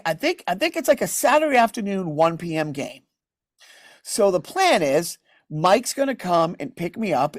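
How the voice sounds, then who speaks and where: A man's voice: on the high side, no echo. Rambling male podcast host, dry sound. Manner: rambling storyteller, many restarts; animated, acts out others' lines. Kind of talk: casual chat.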